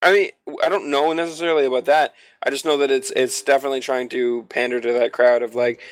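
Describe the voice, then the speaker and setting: A man's voice: mid-range voice, steady tone, fast talker, hardly any pauses, clear, resonant tone. A man co-hosting a podcast, chatting casually in a blunt way and swearing freely. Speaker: podcast co-host. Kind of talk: casual chat.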